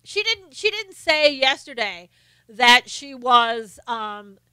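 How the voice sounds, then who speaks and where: A woman's voice: high voice, big pitch swings, pushed and bright, smooth, dry recording. A woman from North Carolina with a faint Southern accent, hosting a live stream and chatting casually while reading viewer comments, laughing often. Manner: chatty, laughs often, slows down to mimic quotes.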